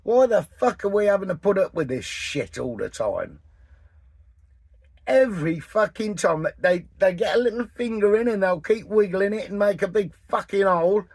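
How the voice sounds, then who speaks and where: A man in his sixties, from England, ranting in a casual vlog, blunt and full of swearing, with a husky voice. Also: high-pitched, lively intonation, moderate pace, a little mellow, dry recording. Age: 60s. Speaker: vanlife vlogger. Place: in and around a camper van, partly outdoors.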